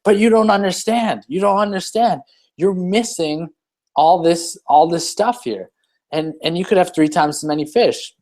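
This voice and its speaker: A man putting on the voice of a pushy businessman on vacation, insistent and eager as he pitches a bigger life. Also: moderate pace, a little mellow, close to an everyday voice.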